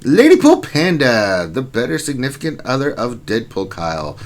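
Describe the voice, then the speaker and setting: A chatty male stream host runs through his viewers' messages one after another, greeting each by name in easy, offhand talk. His back is sore and his allergies are acting up, and his voice sits at an ordinary middle pitch. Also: wildly swooping pitch, normal speed. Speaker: stream host reading chat. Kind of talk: casual live-stream chat.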